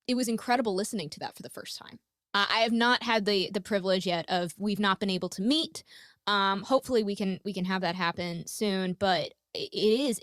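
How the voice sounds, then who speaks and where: A woman's voice: mid-range voice, fairly bright tone, dry recording, clean studio sound. A woman hosting a podcast, talking candidly and swearing freely in casual conversation. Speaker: podcast host.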